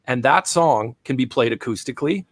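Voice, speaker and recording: A man co-hosting a relaxed chat, thinking out loud. His voice is mid-pitched and dry, recorded close. He leans on "you know" as he works toward his point. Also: a little fast, no room sound. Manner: reflective, filler-heavy, with "you know". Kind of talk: casual chat.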